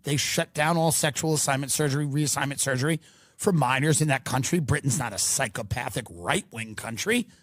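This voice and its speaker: A man's voice: mid-range voice, fairly quick, a bit bright, no room sound, studio quality. A man hosting a podcast, delivering a mocking comedic rant and swearing freely. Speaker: podcast host.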